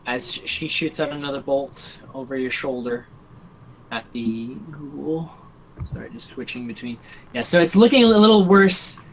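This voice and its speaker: A man's voice: on the high side, moderate pace, slight background noise, rough recording. A young man narrating a tabletop game as game master on a voice call, rambling with lots of ums and likes.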